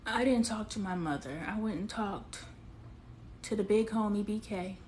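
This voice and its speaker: A woman hosts a phone live stream from outdoors and confides in her viewers. She reads their comments aloud and answers them, and her voice sits mid-pitch with a faint hiss of noise behind it. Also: moderate pace, a little mellow. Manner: emotional, confiding, talks straight to viewers. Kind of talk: candid live-stream chat.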